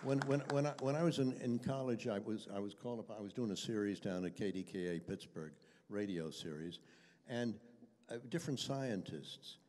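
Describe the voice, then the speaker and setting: A man's voice: fairly low pitch, normal speed, darkish tone, slight background noise. An older man, a voice actor guest, telling anecdotes at a convention Q&A with a chatty, self-deprecating, chuckling manner. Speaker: voice actor guest at a fan panel. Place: convention panel room. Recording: echoey convention hall.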